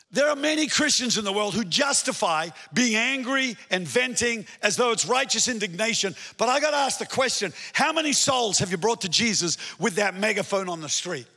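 A male pastor preaching a sermon in an animated way, swinging between emphatic points and hushed storytelling. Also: sits high. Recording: long hall reverb.

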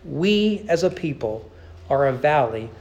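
A male pastor delivers a sermon from a church sanctuary. His voice sits a touch high for a man. He presses his points earnestly, repeating words as he restarts and leaning hard on slow, stressed phrase endings. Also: big pitch swings, a little mellow, highs cut off.

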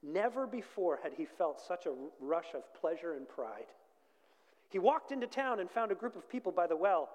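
Earnest pastor in an echoing hall. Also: male voice, high-pitched, big pitch swings, normal speed. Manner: earnest, swells loud then drops to near quiet. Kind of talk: sermon and prayer.

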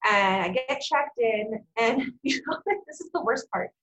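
A woman, guesting on a podcast and telling a personal story in a frank, blunt, animated way, swearing freely. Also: a little high, measured pace, roomy sound, low-quality recording. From Canada. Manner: animated, acts out quoted people. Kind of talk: casual storytelling.

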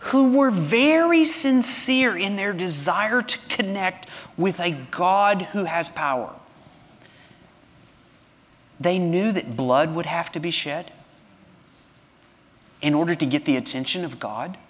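High, bright-voiced male preacher in a reverberant hall. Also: animated, slow, long pauses. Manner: dry, sarcastic humor; passionate, swings from hushed to loud preaching. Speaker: pastor. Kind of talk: sermon. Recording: long reverb of a large hall.

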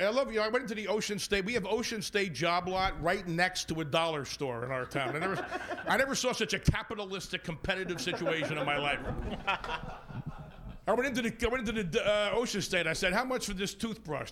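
A man's voice: high-pitched, lively intonation, noisy background. A man doing a brash, jokey stand-up comedy set as a guest on a local TV show. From Ireland-descended American? no. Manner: brash, rapid jokey delivery with asides. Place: local TV studio.

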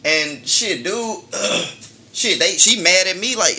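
Bright-voiced man telling a story casually. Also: sits high, expressive, normal speed, a little hiss or hum. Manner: laid-back, profane, laughing storyteller. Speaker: podcast co-host.

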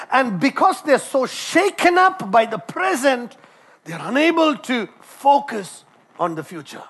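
Guy preaching a sermon, pretty high voice, animated, keeps repeating words and starting over. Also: normal speed, breathy edge. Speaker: doctor. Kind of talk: sermon with personal story.

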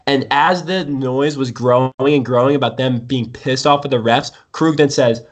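A young man talks sports in a casual, excitable way, building the story up as he goes. He keeps calling people dude. His pitch sits in the middle range for a man. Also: moderate pace. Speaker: sports podcast host.

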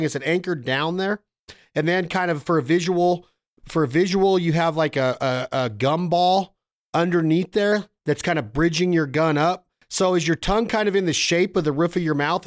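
Man host, fairly high voice, keen casual talker who mimics sounds as he explains. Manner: enthusiastic, imitates calls and singers mid-talk. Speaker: podcast host. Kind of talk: casual technical chat.

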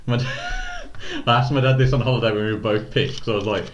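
A man's voice: medium pitch, huge pitch swings, normal speed. A man, a podcast host telling a story in casual, sweary chat and laughing often. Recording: dull, noisy recording.

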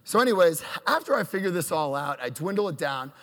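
A man in his thirties tells a self-deprecating story before a live audience. He acts out quotes with animation, and his high voice rings through a reverberant hall. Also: sing-song, a little fast, fairly bright tone. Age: 30s. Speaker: storyteller on stage.

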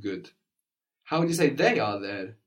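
A man's voice: lowish voice, very animated, normal speed, a bit bright. A man teaching a language lesson, patiently prompting his student with questions and often checking with "no?".

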